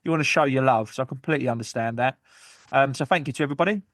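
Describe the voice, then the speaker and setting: A man hosting a gaming podcast on his own, rambling through shout-outs and jokey, self-mocking asides. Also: medium pitch, very fast, no room sound. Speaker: podcast host. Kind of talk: solo gaming podcast chat.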